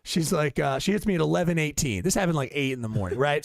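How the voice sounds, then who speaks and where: Gravelly, rambling podcast co-host. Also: male voice, on the high side, quick pace, dry recording. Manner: profane, rambling storyteller with frequent fillers. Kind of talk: casual podcast chat. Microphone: studio podcast mic.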